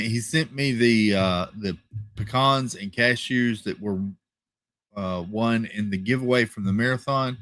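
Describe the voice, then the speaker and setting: A man hosting a casual live stream from home, reading viewer comments in a relaxed, chatty way with lots of fillers and repeated thank-yous. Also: medium pitch, measured pace, no room sound. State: tired, yawning. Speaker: livestream host. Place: home, rural area.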